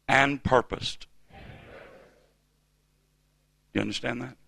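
A man's voice: on the low side, normal speed, gravelly, pauses often, a bit bright, dry recording. A man in his fifties from the United States preaching a sermon in a church, with emphatic call-and-response delivery. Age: 50s.

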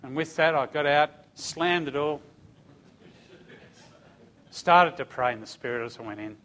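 A man's voice: a little high, unhurried, fairly bright tone. A middle-aged man telling a testimony in a sermon, emphatic and calling out amen and hallelujah. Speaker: church speaker giving testimony.

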